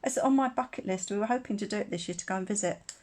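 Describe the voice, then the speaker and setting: A woman's voice: medium pitch, racing, darkish tone, a little hiss or hum. A woman teaching a casual live craft demonstration, chatty and rambling, laughing often. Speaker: craft tutor.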